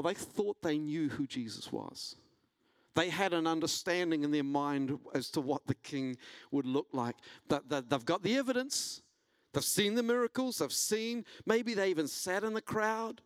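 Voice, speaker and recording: A man preaching a sermon, telling a personal story and building to an animated delivery. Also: no echo. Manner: storytelling, rising in pitch and intensity when preaching. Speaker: pastor.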